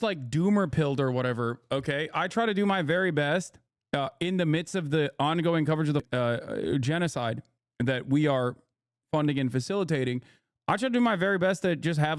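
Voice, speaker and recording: A man's voice: on the high side, no room sound, studio quality. A man giving casual livestream commentary on news clips, blunt and sarcastic, swearing freely and rambling through restarts. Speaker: streamer reacting to news clips.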